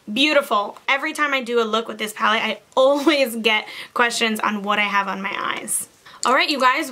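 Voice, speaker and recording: A woman's voice: fairly high pitch, bright, forceful tone. A young woman chatting through her favorite makeup in a casual vlog, gushing and bubbly, with lots of "like" in her talk. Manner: bubbly, gushing, says "like" a lot. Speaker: beauty vlogger.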